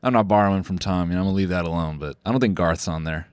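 A man's voice: low voice, racing, smooth, no echo, clean studio sound. A man hosting a comedic podcast, rambling sarcastically and laughing often between jokes. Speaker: podcast host. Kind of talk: casual comedic podcast chat.

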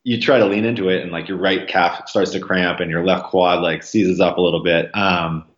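This podcast guest, a marathon runner, speaks at a moderate pace with fairly even intonation, rambling casually through the interview with lots of ums and likes. When quoting people he acts out their voices, jumping in pitch; the sound is roomy and a bit dull.

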